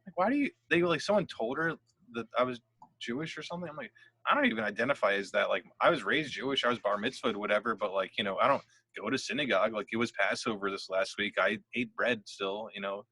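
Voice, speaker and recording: A man's voice: on the low side, lively intonation, fast, pushed and bright, dry recording. A young man co-hosting a podcast, telling a rambling story in casual chat, swearing freely and laughing as he goes. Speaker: podcast co-host.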